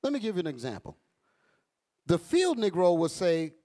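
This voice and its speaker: A man with preaches a sermon as bishop, joking and animated. His voice sits fairly high and swings widely from low asides to soaring lines. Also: moderate pace, long pauses. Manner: animated, joking, street talk.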